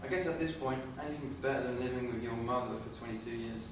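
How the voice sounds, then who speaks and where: An actor playing a shy, hesitant young exchange student in a staged reading recorded echoey and from a distance. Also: male voice, medium pitch, fast, a little hiss or hum, natural voice. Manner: hesitant, awkward. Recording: echoey room from far off.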